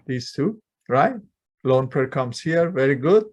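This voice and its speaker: In a lecture hall, a male chemistry lecturer gives a class lecture in an expressive, unhurried, somewhat mellow mid-range voice. He constantly quizzes students with rhetorical questions. His grammar is non-native, dropping plurals and articles.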